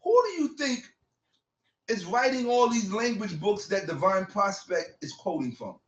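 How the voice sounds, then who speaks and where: A man's voice: high-pitched, lively intonation, unhurried, echoey room, far from the mic, dull audio. A man in a heated debate, angrily interrupting and repeating himself over and over. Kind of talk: heated argument.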